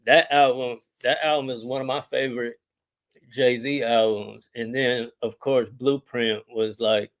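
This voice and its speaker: A laid-back middle-aged man chats as a podcast guest in an easygoing, meandering way, full of slang and filler. His voice sits at a middle pitch. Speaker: rapper guest. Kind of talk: casual podcast interview.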